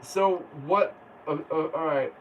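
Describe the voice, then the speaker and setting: A man's voice: fairly high pitch, unhurried. A man hosting a casual livestream, reading viewer comments aloud and chatting in a laid-back way with frequent laughs. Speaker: livestream host. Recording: distant mic with faint background noise.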